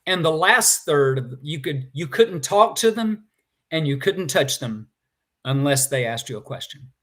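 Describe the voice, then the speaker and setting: Guest man, slightly high pitch, animated and emotional telling a story. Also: a little slow. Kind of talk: storytelling in a conversation.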